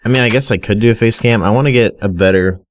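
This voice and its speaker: A man's voice: on the low side, quick pace, slight background noise. A young man giving casual, rambling Minecraft commentary, often stuttering and talking straight to his viewers. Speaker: gaming video creator.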